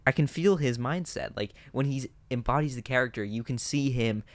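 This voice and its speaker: A man's voice: mid-range voice, fairly quick, no echo. A man chatting casually about building fantasy worlds for tabletop games, musing with lots of fillers and restarts. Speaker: podcast co-host.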